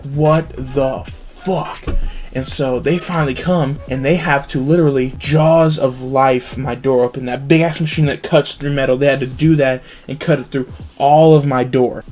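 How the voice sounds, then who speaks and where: A man's voice: mid-range voice, a little hiss or hum. Profane young man telling a story. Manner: profane, animated retelling. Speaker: vlogger. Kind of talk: casual storytime.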